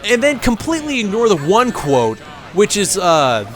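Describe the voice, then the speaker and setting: Lively man rambling over a game. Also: high voice, moderate pace. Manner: rambling storytelling with fillers and swearing at the game. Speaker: let's play commentator. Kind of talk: casual gameplay commentary.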